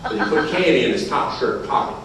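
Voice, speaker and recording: A man's voice: fairly high pitch, very animated, fast, noisy background. An older man telling folksy stories at a recovery meeting, repeating phrases and chuckling as he goes. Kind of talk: storytelling speaker's talk at a meeting. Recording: very echoey hall, heard from far off.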